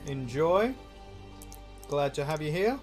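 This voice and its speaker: A man's voice: fairly high pitch, lively intonation, slow pace, faint music behind. Joking male streamer, loose banter. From Australia and England. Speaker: game streamer. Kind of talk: casual live-stream chat.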